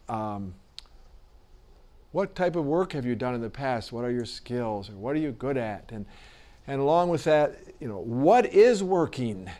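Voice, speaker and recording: A man teaching a class who talks haltingly, repeating words and fillers, then reads an article aloud in a classroom. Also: a little high, a little mellow. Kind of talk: classroom lecture and reading aloud.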